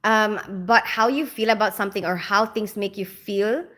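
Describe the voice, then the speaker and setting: A woman's voice: mid-range voice, moderate pace, fairly bright tone. Chatty woman livestreamer reading comments. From Philippines. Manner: chatty, laughs often, answers viewer comments. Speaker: livestream host.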